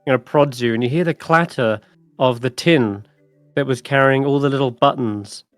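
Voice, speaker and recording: A man narrating as dungeon master in a tabletop game, chatty and animated. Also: medium pitch, moderate pace, dry recording, soft background music.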